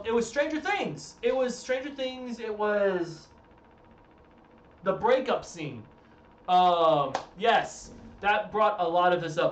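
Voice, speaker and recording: A tired young man streaming from home, chatting casually with his audience in a rambling, self-interrupting way. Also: sits high. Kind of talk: casual live-stream chat. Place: room at home. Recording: roomy echo, from a distance.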